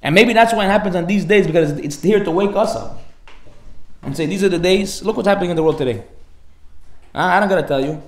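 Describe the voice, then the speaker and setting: Rabbi guy preaching fast, acts out the stories, roomy echo. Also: high-pitched. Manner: animated storytelling, acts out dialogue. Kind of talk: sermon.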